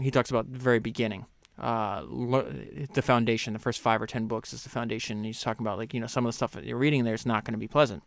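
A man talks through a book in a relaxed, conversational way, stumbling and restarting as he goes. When he reads quoted passages he slows down and leans into them. His voice sits at an ordinary middle pitch and sounds close and dry, with no room around it. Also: no echo. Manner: reads quotes slower and louder, chats loosely with fillers and restarts. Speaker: podcast host. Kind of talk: casual book commentary with read-aloud passages.

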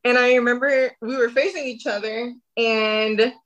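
Woman in her thirties, interview guest; lively, fairly high, crisp and bright. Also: moderate pace, highs cut off. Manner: animated, acts out quoted dialogue. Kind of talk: casual storytelling.

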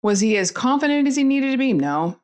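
A woman's voice: high voice, sing-song, fairly quick, darkish tone, smooth. A middle-aged woman telling a personal family story in an earnest, candid way, with many fillers and restarts. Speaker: guest telling her story.

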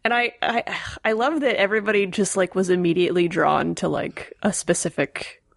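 A woman's voice: lowish voice, fairly quick, gravelly, no echo, clean studio sound. A woman co-hosting a casual chat, enthusiastic, laughing and tripping over her words.

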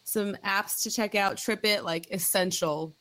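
A woman's voice: medium pitch, fairly even intonation, measured pace, a bit bright. A woman hosting a podcast, chatting in an upbeat way and summing up tips. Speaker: podcast host. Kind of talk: casual podcast chat.

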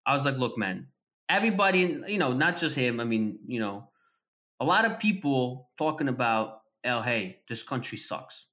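A man's voice: mid-range voice, normal speed. A man in casual podcast chat, telling a story with lots of swearing and acting out both sides of a conversation. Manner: profane, animated storytelling, acts out quoted conversations.

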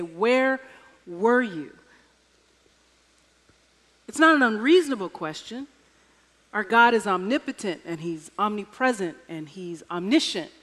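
A woman's voice: fairly high pitch, a bit bright. A woman preaching a sermon, telling a personal story with wry humor. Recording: echoey hall reverb.

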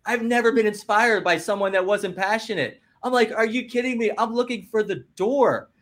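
This male business coach, on as a guest, rallies listeners with an energetic, emphatic pep talk, repeatedly breaking in with "listen" and "guess what." He speaks in a high voice at a moderate pace.

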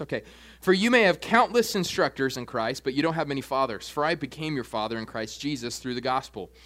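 A young man preaching a sermon as pastor, animated, jumping his voice up high when acting out quoted asides.

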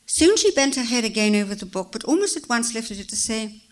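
A woman reading a story aloud as narrator, in a measured, expressive way. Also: fairly high pitch.

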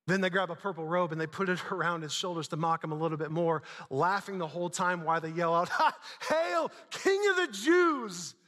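A man's voice: a little high, level tone, fast talker, hardly any pauses, bright, forceful tone, long reverb tail. A man preaching a sermon, retelling a story dramatically with casual asides. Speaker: pastor.

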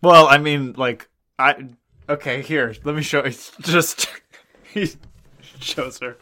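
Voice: medium pitch, takes it slowly, sharp tone. A player in a tabletop role-playing game, teasing and wry, laughing often. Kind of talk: tabletop role-play banter.

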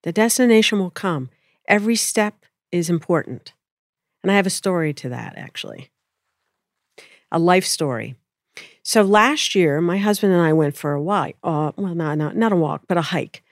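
Woman, spiritual storyteller, gentle reflective delivery, laughs easily, dry close mic. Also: on the low side, normal speed, no echo. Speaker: spiritual speaker. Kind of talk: casual storytelling chat.

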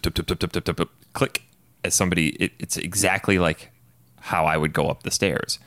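A man co-hosting a casual podcast, telling stories in an animated, jokey way with casual swearing. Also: very deep voice, vocal fry, no room sound. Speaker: podcast co-host. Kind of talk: casual chat, storytelling.

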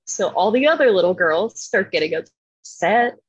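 A woman from Philadelphia telling a profane, animated story in casual podcast chat, laughing often. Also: medium pitch, normal speed, breathy edge, no echo, muffled recording. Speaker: podcast co-host.

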